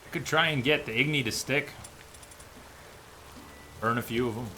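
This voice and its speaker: A man streaming a game, thinking aloud in casual commentary with sudden loud outbursts. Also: mid-range voice, moderate pace, slight background noise. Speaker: gameplay streamer.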